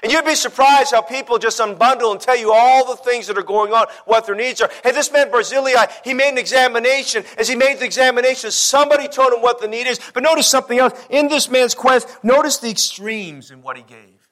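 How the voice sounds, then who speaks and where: High-voiced preaching pastor. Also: male voice, steady tone, fairly bright tone. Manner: emphatic preaching, drawn-out scripture lists; repeats words when building a point. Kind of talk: sermon.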